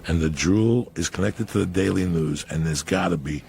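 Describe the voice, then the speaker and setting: Gravelly profane storytelling man in his fifties. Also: low voice, moderate pace, a little mellow, slight background noise. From Cuba. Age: 50s. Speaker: comedian guest. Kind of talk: storytelling on a podcast.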